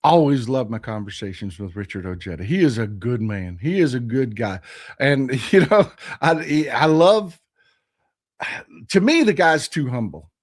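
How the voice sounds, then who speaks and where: A man hosting a live political stream, hoarse and strained from yelling, talking with impassioned repetition straight to his viewers. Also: mid-range voice, expressive, measured pace. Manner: impassioned, repetitive, addresses the chat directly. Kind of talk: casual political talk.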